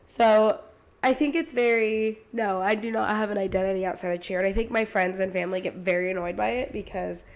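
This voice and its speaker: A woman in her twenties who co-hosts a podcast and coaches cheer chats casually in a medium-pitched, steady, fairly quick voice. Her talk is full of filler words and laughing asides.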